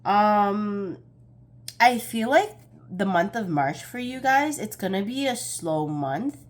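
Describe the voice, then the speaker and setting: A woman's voice: medium pitch, expressive, slow. A young woman giving a casual pick-a-card tarot reading, chatty and a bit scattered, often laughing at herself.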